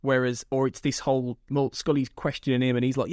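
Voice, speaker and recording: A man's voice: medium pitch, little pitch movement, a little fast, a little mellow, smooth, no room sound, studio quality. A man hosting a podcast, talking in a rambling, self-interrupting way with frequent laughter. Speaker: podcast host. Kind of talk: casual chat.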